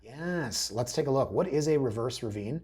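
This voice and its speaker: A man's voice: medium pitch, expressive, normal speed, darkish tone, slightly rough. A man hosting a real estate show, chatting casually and cracking wry jokes while he walks viewers through listing photos. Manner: joking, wry asides; chatty, addresses viewers directly. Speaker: real estate agent host.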